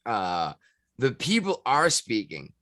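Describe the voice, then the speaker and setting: A man co-hosting a podcast in loose, joking banter, often breaking into laughter. His pitch swings widely and his voice is bright and forward. The sound is dry and close. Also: huge pitch swings, takes it slowly, no room sound. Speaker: podcast co-host. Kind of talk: casual banter.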